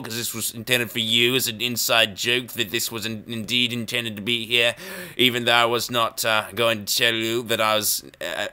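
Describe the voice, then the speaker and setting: A young man giving rambling, self-mocking chess commentary, jokey and erratic, with sudden loud outbursts. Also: mid-range voice, clean tone.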